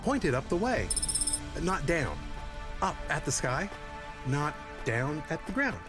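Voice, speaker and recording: Brief: game robot dog sidekick, earnest and literal, lively upper voice, music under. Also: male voice, fairly high pitch, a little slow. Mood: instructive. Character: loyal robot dog companion, literal-minded. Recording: game audio over music.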